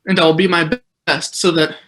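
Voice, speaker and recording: A woman playing an earnest, halting actor who has been cast as the leading man in a stage play. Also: sits low, level tone, a bit bright, low-quality recording.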